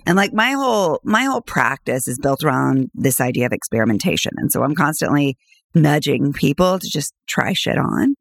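A woman's voice: low-pitched, big pitch swings, moderate pace, creaky, no room sound, clean studio sound. A woman podcast host and coach in casual chat, bubbly and laughing often, with a cold. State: has a cold.

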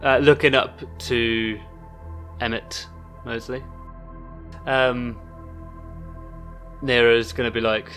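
Slow, bright-voiced man playing a tabletop game. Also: medium pitch, fairly even intonation, soft background music. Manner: slow, deliberate, describing his character's actions. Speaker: player. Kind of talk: casual tabletop play.

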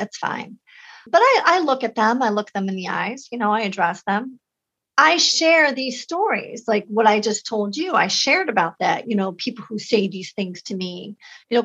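A woman's voice: mid-range voice, breathy edge. A woman talking as an interview guest, telling personal stories and acting out the voices of the people she quotes. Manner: animated, acts out quoted voices. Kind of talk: conversational storytelling. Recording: dull lo-fi sound.

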